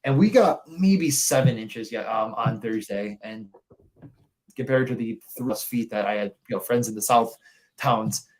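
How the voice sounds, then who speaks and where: A man's voice: mid-range voice, a little slow. A young man from the Buffalo area, co-hosting a casual betting podcast and thinking aloud over odds. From Buffalo area, New York. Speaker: podcast co-host.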